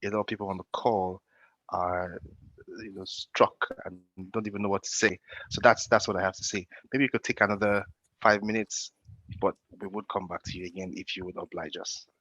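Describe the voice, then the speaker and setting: A man at an online club meeting, speaking slowly and politely with some hesitant fillers. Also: low voice, steady tone, a bit bright, no room sound, highs cut off. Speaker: club member. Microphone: computer mic on a video call.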